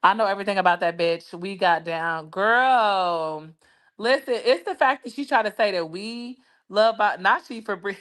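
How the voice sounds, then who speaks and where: A woman's voice: mid-range voice, normal speed, fairly bright tone. A woman hosting a livestream, gossiping in a brash, profane, laughing way. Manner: brash, profane, laughing, lots of "child" and "baby". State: injured foot. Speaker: livestream host. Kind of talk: casual gossip chat.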